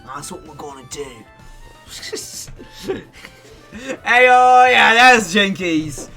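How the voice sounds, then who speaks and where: A hearty, drawling outback bloke with a thick put-on Australian accent, as a man hams it up between plays. He's jovial and loud, his voice bright and edgy, with faint game music behind. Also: sits high, animated, slow pace, creaky, exaggerated voice. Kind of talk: playful character voice during game commentary.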